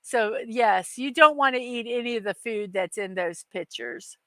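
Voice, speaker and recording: A bright, fairly high-voiced middle-aged woman hosts a casual morning live chat, upbeat and rambling, with plenty of ums and uhs. The sound is close and dry, with no room around it. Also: normal speed, dry recording. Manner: chatty and upbeat, many fillers and asides, reads viewer comments aloud. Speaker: host of a daily morning show.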